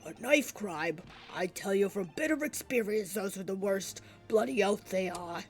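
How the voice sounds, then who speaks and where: A woman's voice: mid-range voice, normal speed, soft background music, natural voice. A woman voicing a fussy elderly male judge in a game, ponderous and hesitant.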